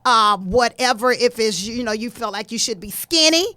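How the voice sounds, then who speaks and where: A woman's voice: fairly high pitch, expressive, moderate pace, bright, forceful tone, no room sound. Podcast guest: woman, slight lisp, earnest and emphatic, dry close sound. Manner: earnest, builds to emphatic storytelling. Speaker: guest, etiquette school founder. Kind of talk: casual podcast interview.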